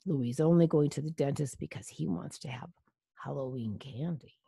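A woman reading a children's picture book aloud, gently explaining the story to a young listener. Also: sits low, normal speed, vocal fry, husky, no room sound, clean studio sound.

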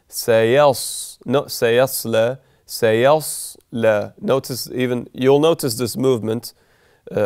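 Gravelly-voiced man teaching recitation. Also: on the low side, a little mellow, no echo, studio quality. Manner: patient, repeats and contrasts examples; switches into melodic recitation. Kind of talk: explaining recitation rules.

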